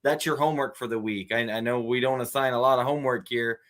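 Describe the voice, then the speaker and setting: Man, guest, friendly, halting, mid pitch. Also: steady tone, fairly bright tone. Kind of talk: casual chat.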